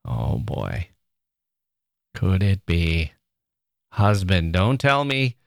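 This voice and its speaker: A man hosting a podcast, reading listener mail in a chatty, playful way, often laughing and getting excited. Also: low voice, drawn-out words, gravelly, no echo, clean studio sound. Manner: emotional, excitable. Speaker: podcast host. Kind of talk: reading listener mail aloud, casual monologue.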